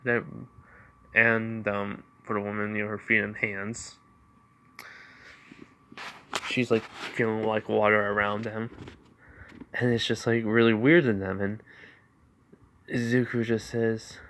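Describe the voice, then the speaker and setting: Slow rambling young man telling a story. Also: on the low side, level tone, a bit bright. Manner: rambling, many fillers like 'like'. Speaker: fan fiction narrator. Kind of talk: casual improvised storytelling.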